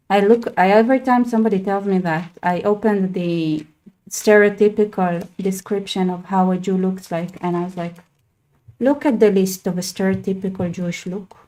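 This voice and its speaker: A woman's voice: medium pitch, fairly even intonation, moderate pace, dark tone. A young woman hosting a casual chat, talking loosely with lots of fillers and restarts. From Israel. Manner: chatty, with many "like" fillers and restarts. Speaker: host.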